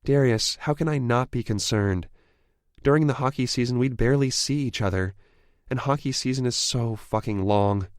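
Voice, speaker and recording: A male audiobook narrator voicing an adult woman who is worried and fiery and swears when angry, lifting his voice slightly higher for her. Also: normal speed, darkish tone, no echo, clean studio sound, lightly acted.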